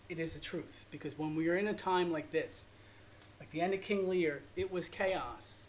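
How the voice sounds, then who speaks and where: A man's voice: fairly high pitch, moderate pace, slight background noise. A man teaching a drawing lesson, talking in an earnest, emotional and rambling way. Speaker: art teacher. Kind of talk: informal drawing lesson monologue.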